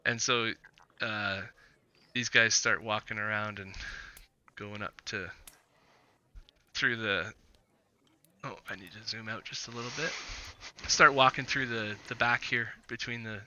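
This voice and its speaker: A man narrating as game master for a tabletop game on stream, halting and filling pauses often. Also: medium pitch, fairly even intonation, sharp tone, lo-fi sound, a little hiss or hum. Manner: halting, many fillers.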